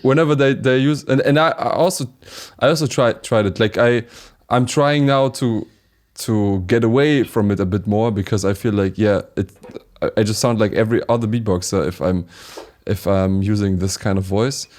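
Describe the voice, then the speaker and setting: A man with a German accent co-hosting a casual beatbox review chat, talking haltingly with many fillers and restarts. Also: lowish voice, a little mellow. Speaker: beatboxer co-host reviewing battles.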